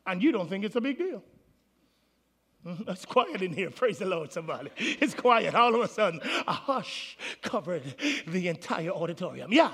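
A man preaching a sermon to his congregation, animated, calling out to the people in the room. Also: high-pitched. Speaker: pastor. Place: large auditorium with congregation. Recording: long hall reverb.

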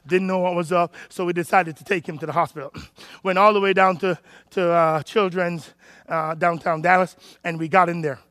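A man pastor, preaching an animated sermon and calling out to his congregation. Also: high-pitched, no echo. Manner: animated preaching, calls to the congregation, rises to shouts.

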